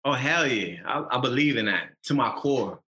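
Emphatic rapper, bright and echoey. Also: male voice, medium pitch, animated, moderate pace. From Massachusetts. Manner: passionate, emphatic, street slang. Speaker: rapper guest. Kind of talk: casual podcast interview.

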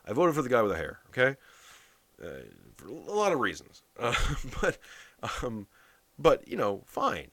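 Lively, swearing Canadian man ranting. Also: medium pitch, moderate pace, dry recording. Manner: blunt, sarcastic, heavy swearing. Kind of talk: profane political rant.

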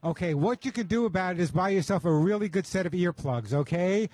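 A man's voice: high voice, animated, fairly quick, darkish tone. A man hosting a radio call-in show, giving advice in a chatty, folksy way and often repeating his words.

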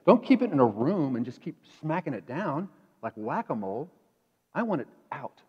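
A man preaching a sermon in a conversational way, dropping to quiet asides and rising to emphatic peaks. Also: a little high, sing-song, moderate pace, husky. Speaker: pastor. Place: church sanctuary. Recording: dull echoey church hall.

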